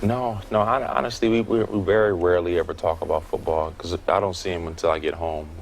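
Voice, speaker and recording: Male interview guest, very low voice, easygoing and measured, faint background noise. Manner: relaxed, thoughtful, hesitant with fillers. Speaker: interview guest, football player. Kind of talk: casual interview.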